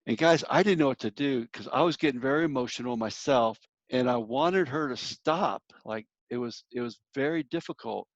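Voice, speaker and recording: A man's voice: medium pitch, moderate pace, hardly any pauses, no echo. Earnest man telling a story, dull lo-fi sound. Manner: earnest, storytelling, addresses listeners directly. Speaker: grief workshop speaker. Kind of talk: church workshop talk.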